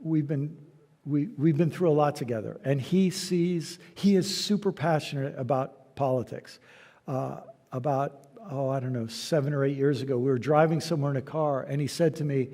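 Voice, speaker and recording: A man speaking as a guest lecturer, answering questions and telling stories in a relaxed, conversational way in a church hall. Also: fairly high pitch, normal speed. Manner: conversational storytelling, soft trailing endings. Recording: hall reverb.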